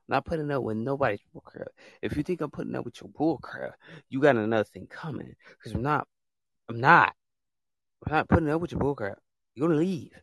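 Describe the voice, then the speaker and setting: A podcast host scolds his listeners in a heated, repetitive monologue. His voice sits at an ordinary pitch. The sound is dry and close, with no room echo. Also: vocal fry. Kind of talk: ranting monologue.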